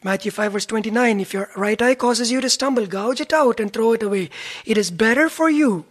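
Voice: medium pitch, a little fast. A preacher giving an earnest sermon, citing chapter and verse and repeating key phrases for stress.

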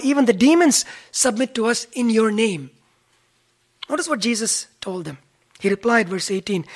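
A preacher delivering a sermon in a husky, slightly breathy voice. The delivery is earnest, with scripture references cited by chapter and verse and key phrases repeated for emphasis. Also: mid-range voice.

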